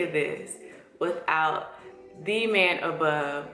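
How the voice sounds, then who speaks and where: Excited woman in her forties, echoey room. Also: lowish voice, unhurried. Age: 40s. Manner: excited, heartfelt and chatty. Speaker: esthetician. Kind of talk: casual vlog talk. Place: her empty new salon studio. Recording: echoey room with faint music.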